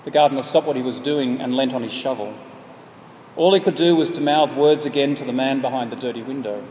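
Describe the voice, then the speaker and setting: A male preacher narrating a story with earnest, measured delivery. His voice sits mid-range. It echoes through a large hall with faint noise behind. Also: mid-range voice, a little mellow. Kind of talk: sermon storytelling.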